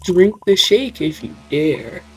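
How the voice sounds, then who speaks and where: A woman with a scratchy voice voicing a menacing male monster who makes slow, taunting threats. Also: lowish voice, sing-song, husky, faint music behind, pitched below the performer's own voice, full character voice.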